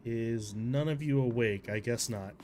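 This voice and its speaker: A man's voice: medium pitch, measured pace, slight background noise. Rambling man streaming a horror game. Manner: rambling and self-deprecating, bursts of yelling and swearing at the game. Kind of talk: casual live gameplay commentary.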